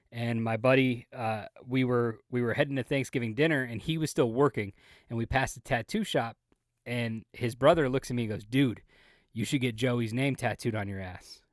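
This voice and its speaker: A man's voice: medium pitch, brisk, no room sound. A man on a podcast telling a long personal story, swearing freely and acting out everyone's lines. His voice sits in an ordinary middle register. The sound is close and dry, with no room around it. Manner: profane, animated storyteller who acts out the other people's lines. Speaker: podcast co-host. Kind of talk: casual storytelling.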